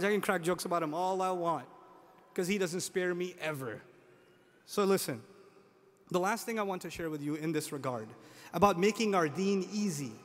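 A man preaching a sermon to an audience, emphatic, repeating key phrases, asking rhetorical questions and making joking asides. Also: high-pitched. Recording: long hall reverb.

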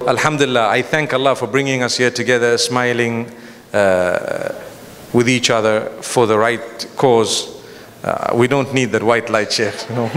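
A man's voice: mid-range voice, fairly even intonation, a little slow, a bit bright, long reverb tail. A man preaching a lecture to a live audience, emphatic, with rhetorical questions and repetition. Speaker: Islamic preacher. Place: large hall before an audience.

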